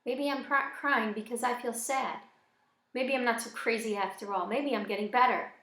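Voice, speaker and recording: A woman reading a first-person novel aloud in a plain, even storytelling manner. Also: a little high, normal speed. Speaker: audiobook reader. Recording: echoey room.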